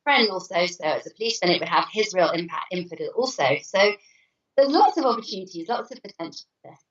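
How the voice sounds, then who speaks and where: A woman's voice: on the low side, quick pace. Chatty woman author on a muffled call. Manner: chatty, animated storyteller. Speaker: author guest. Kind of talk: casual interview chat. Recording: muffled distant call audio.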